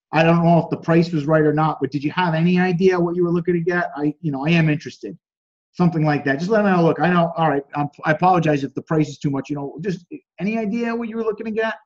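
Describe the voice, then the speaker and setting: A man coaching on a group call, reading out chat messages, critiquing them, and acting out quoted lines. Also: lo-fi sound. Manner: acts out quoted dialogue with lively pitch jumps. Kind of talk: casual teaching on a group call.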